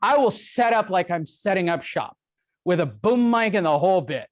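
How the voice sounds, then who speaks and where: A man's voice: sits high, expressive, normal speed, no room sound, clean studio sound. A middle-aged man giving a live seminar talk to a room, brash, joking and self-deprecating. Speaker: real estate speaker. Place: meeting room with audience.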